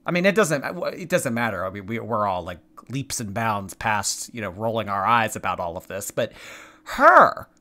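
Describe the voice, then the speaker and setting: A man's voice: on the low side, lively intonation, moderate pace, hardly any pauses, sharp tone. A man hosting a reaction commentary, talking in a dry, mocking, teasing way. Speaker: commentary host.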